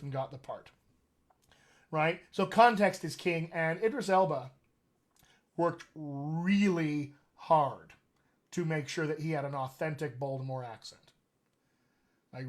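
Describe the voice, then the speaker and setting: A man hosting a live question-and-answer session as a dialect coach, speaking in a chatty, animated way and often laughing. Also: fairly high pitch, normal speed. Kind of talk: casual live-stream chat.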